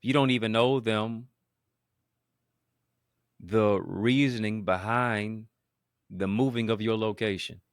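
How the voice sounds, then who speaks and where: A man with a very low, deep voice delivers a motivational talk straight to his listeners. He speaks emphatically, in a rolling, preacher-like cadence that leans on repetition and wordplay. The sound is dry and close, with no room around it. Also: fairly even intonation, slow pace, long pauses, clean tone, no echo. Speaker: motivational speaker and show host.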